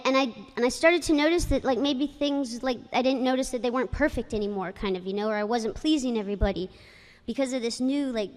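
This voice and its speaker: A woman giving a personal ceremony speech, telling stories in a chatty way with many fillers. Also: on the high side. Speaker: inductee speaker, former jockey. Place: ceremony hall. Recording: long hall reverb.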